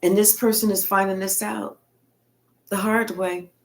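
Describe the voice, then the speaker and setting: A woman's voice: mid-range voice, level tone, unhurried, a little hiss or hum. A woman giving a casual tarot reading in a blunt, colloquial manner with frequent cursing. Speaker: tarot reader.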